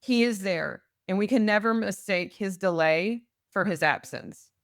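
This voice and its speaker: A woman's voice: mid-range voice, lively intonation, unhurried, vocal fry, dry recording, clean studio sound. A woman in her forties from Texas, a guest on a faith-based interview podcast, telling her story earnestly and with emotion.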